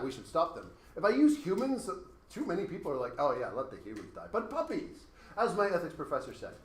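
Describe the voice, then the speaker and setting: A man teaching a class, talking casually and working through hypothetical examples. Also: fairly high pitch. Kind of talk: classroom lecture. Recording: echoey classroom with faint noise.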